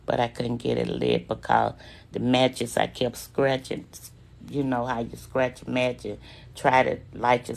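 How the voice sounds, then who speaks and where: A woman's voice: extremely low pitch, creaky, darkish tone. A woman telling her own survival story live to her viewers. She speaks with emotion, holds back tears, and calls her listeners "y'all" and "babies.". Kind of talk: live-stream personal storytelling.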